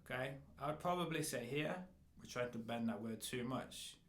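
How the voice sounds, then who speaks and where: A man's voice: medium pitch, normal speed, fairly bright tone. A man teaching rap who talks through rhyme ideas and then drops into short rapped example lines. His voice sits in a middle register. The room gives the voice a noticeable echo. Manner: explains, then raps short example bars. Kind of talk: instructional talk with rapped examples. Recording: roomy echo.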